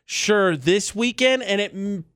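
A man's voice: high voice, unhurried, a bit bright, clean tone, dry recording. A man co-hosting a radio show in a studio, bantering in a playful, teasing, argumentative way. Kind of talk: casual morning radio banter.

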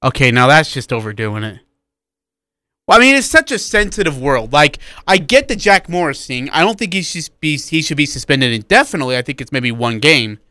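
A man co-hosting a sports talk radio show, giving animated opinions in casual chat. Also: on the high side, a little fast, dry recording.

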